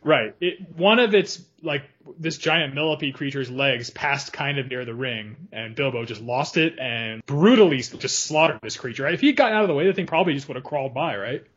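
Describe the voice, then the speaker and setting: A man co-hosting a podcast, talking casually about a film in an animated way, laughing often. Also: mid-range voice, fairly quick, few pauses, husky, highs cut off. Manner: animated, laughs often, quotes lines in funny voices. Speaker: podcast co-host.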